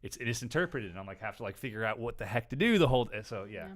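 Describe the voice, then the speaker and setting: A man hosting a casual question-and-answer show, telling stories in an animated way and sometimes acting out other people. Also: fast talker. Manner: animated storytelling, mimics people in high voice. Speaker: host answering viewer questions. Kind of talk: casual chat.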